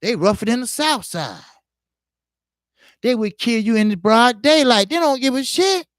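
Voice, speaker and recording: A man's voice: very high voice, lively intonation, normal speed, fairly bright tone, no echo, studio quality. Man rambling through a street story. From Chicago, USA. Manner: rambling, heavy on "you know" and profanity. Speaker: boxing channel host. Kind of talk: casual storytelling.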